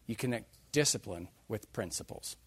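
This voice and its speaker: A man preaching a sermon, emphatic and animated, joking with his listeners. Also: fairly low pitch, normal speed, husky, no echo. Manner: emphatic, animated, jokes with the congregation.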